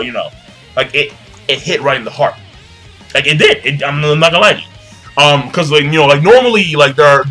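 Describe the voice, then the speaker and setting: A young man casually recapping an anime episode, rambling with lots of fillers and profanity, breaking into excited shouts. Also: on the high side. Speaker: anime reviewer.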